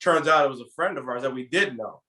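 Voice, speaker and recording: A man casually telling a story from his youth to a friend, animated and acting out the lines he quotes. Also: medium pitch, fast talker. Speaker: podcast co-host telling a story.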